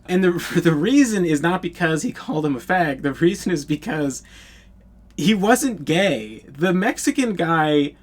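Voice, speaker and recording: A man's voice: a little high, animated, a little slow. A young man telling a casual storytime anecdote in a blunt, profane, incredulous way.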